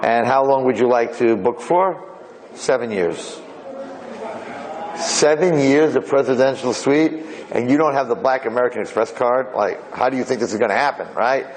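A man's voice: medium pitch, a little fast, low-quality recording. A man telling a long folk parable in a casual, digressive way, jumping into different characters' voices. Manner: rambling, digressive, acts out characters. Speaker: storyteller.

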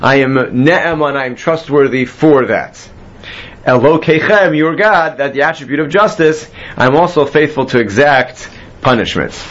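A man's voice: on the high side, moderate pace, fairly bright tone, lo-fi sound. A man teaching a classroom Bible lesson, explaining step by step and quizzing his students. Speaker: Torah teacher.

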